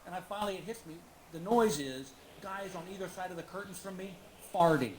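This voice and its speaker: A middle-aged man telling a stand-up comedy story on a live stage, animated and acting out the people he quotes. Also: fairly quick. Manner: animated, acts out quoted people, leaps high when exclaiming. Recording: roomy live venue with audience noise.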